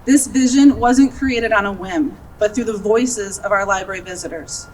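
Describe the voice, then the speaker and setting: A woman's voice: mid-range voice, moderate pace, darkish tone, a little hiss or hum. Emotional woman giving an outdoor speech. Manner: earnest, a little emotional, laughing at herself. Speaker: library director. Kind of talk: ceremony speech. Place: outdoors at a groundbreaking. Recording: distant outdoor recording, faint ambience.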